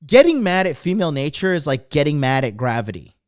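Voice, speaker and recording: A blunt male dating coach riffs live in a crude, profane monologue. His voice sits somewhat high for a man. The sound is dry and close, with no room to it. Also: very animated, fairly quick, no room sound. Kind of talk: live-streamed casual monologue.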